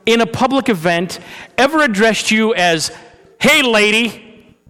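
A man preaching a sermon, talking to his congregation with rhetorical questions and sometimes sinking into a hushed, solemn tone. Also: high voice, lively intonation, moderate pace. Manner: drops to a soft, hushed tone for solemn passages. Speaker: pastor. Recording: hall reverb with mains hum.

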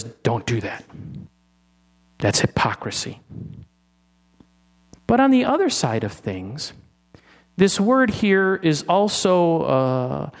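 A man preaching a sermon, teasing his listeners with rhetorical questions and slowing down to stress key words. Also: high-pitched.

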